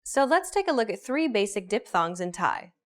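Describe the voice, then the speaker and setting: A woman narrating a scripted pronunciation lesson with clear, measured explanations. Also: medium pitch, sing-song. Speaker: pronunciation teacher.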